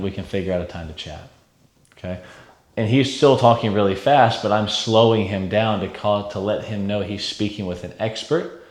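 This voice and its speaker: A man with a fairly low voice runs a sales training lesson in an energetic, coaching way, checking in with his listeners again and again. The sound has a noticeable echo, as if he were in a bare room. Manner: energetic, coaching, frequent "okay?" check-ins.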